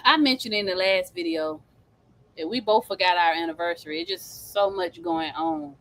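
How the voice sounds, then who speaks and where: A middle-aged woman co-hosting a livestream with her husband, emphatic and quick with churchy affirmations. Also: lowish voice, a bit bright. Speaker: co-host, the host's wife. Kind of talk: casual livestream chat.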